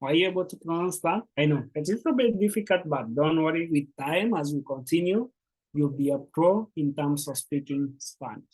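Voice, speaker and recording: A language teacher giving a beginner lesson, patiently repeating words slowly and encouraging the learners. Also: medium pitch, animated, a little mellow, slightly rough, poor audio.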